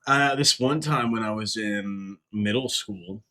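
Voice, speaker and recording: A young podcast co-host tells stories in casual banter, animated and swearing, laughing often. His voice is lowish and a little slow, and the audio quality is poor.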